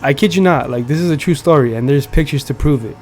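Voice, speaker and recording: A man's voice: on the high side, fast, darkish tone, soft background music. A young man from the United States hosting a podcast, telling a casual story in slangy, profane talk full of fillers. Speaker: podcast host. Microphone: streaming setup.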